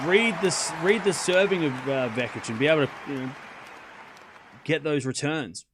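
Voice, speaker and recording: A man's voice: a little high, moderate pace, a crowd in the background, background noise. Chatty man calling tennis live. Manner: casual, chatty, answers chat questions between points. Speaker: host. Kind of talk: live tennis watchalong commentary.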